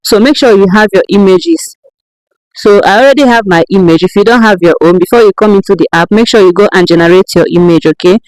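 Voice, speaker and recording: A woman walking viewers through a how-to tutorial step by step, often pausing to check in with "okay?". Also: mid-range voice, darkish tone, no echo, rough recording. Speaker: tutorial creator. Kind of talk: screen-recorded how-to tutorial.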